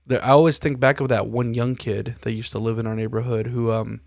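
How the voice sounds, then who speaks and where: A man's voice: mid-range voice, level tone, a little fast, vocal fry, darkish tone, dry recording, studio quality. A man hosting a podcast, telling stories in casual chat and acting out the voices of the people in them. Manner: profane storytelling, acts out quoted dialogue. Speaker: podcast host.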